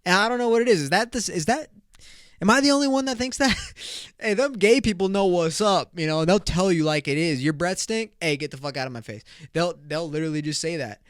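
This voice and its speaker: A man hosting his own podcast, rambling through a story in loose, profane language with frequent laughter. His voice sits a bit high for a man and comes across smooth and clear. It is recorded close and dry on a podcast mic, with no room sound. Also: a little fast, no echo. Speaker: podcast host. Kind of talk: casual podcast monologue.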